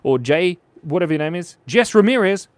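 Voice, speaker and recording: A man's voice: high-pitched, lively intonation, a little fast, no room sound. A playful man hosting a live drawing stream. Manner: playful and goofy, reads out viewer comments. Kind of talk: casual live-stream chat while drawing.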